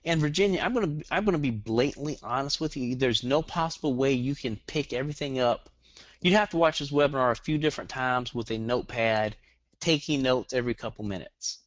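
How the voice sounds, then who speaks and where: A middle-aged man with a Southern US accent giving a webinar lesson, talking fast and rambling with jokes. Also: mid-range voice, no echo. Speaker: guest webinar trainer. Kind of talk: online marketing webinar. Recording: dull lo-fi dry webinar audio.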